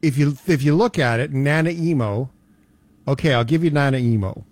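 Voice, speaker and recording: A man's voice: mid-range voice, fairly quick, a little mellow, dry recording. A man hosting a radio show, bantering casually in a playful, storytelling way.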